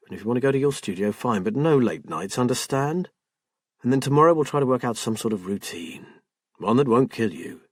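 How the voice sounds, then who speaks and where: A man's voice: mid-range voice, dry recording, studio quality, lightly acted. A man voicing a hurt, firm husband. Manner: indignant, then firm and caring. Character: hurt, steady middle-aged husband.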